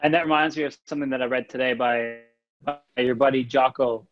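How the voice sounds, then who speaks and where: A man co-hosting a casual podcast chat, talking in an animated way and often restarting his phrases. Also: medium pitch, fairly quick, dull audio, soft background music. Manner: animated, restarts phrases, reads listener comments. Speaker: podcast co-host.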